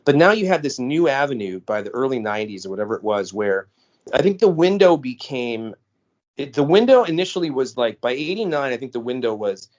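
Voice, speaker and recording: Animated American man telling a story. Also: medium pitch, brisk. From United States. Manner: animated storyteller, acts out quoted voices. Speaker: podcast co-host. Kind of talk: casual storytelling chat. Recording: dull lo-fi audio.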